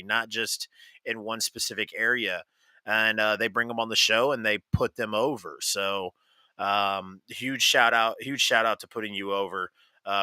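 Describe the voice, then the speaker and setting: A man talks loosely on a live-streamed wrestling show, circling back with plenty of fillers and restarts. His voice is bright and sharp-edged. The sound is dry and close, with no room around it. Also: medium pitch, smooth, no room sound. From American Midwest. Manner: rambling, many fillers and restarts. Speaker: podcast co-host. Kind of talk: casual live-stream chat.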